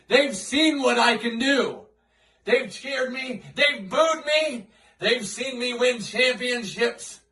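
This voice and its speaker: A man cutting a menacing, boastful wrestling promo with dark theatrical flourishes. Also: very high voice. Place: outdoors in a foggy spot. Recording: echoey, voice set far from the mic.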